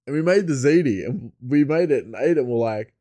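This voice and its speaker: Australian male podcast host, mid-pitched voice, casual and rambling, laughs easily. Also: animated, a little fast, warm tone, no room sound. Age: adult with a young son. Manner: chatty, laughs often, meandering asides.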